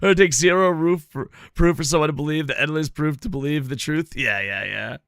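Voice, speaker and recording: Bright-voiced swearing gaming streamer man. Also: a little high, fairly quick, gravelly, no echo, studio quality. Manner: profane, rambling, animated storyteller; chats with viewers while playing. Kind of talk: casual live-stream chat over gameplay.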